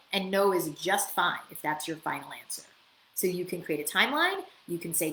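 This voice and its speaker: A woman hosting a live coaching Q&A, chatty and lively, acting out bits of client dialogue as she answers questions. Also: fairly low pitch, normal speed. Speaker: business coach and show host. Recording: echoey room with faint ambient noise.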